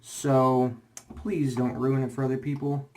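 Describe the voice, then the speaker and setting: A man's voice: medium pitch, little pitch movement, unhurried, a little mellow. Young man, casual vlog rambling, slightly out of breath, lots of fillers. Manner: rambling, many fillers and restarts. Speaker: shaving vlogger.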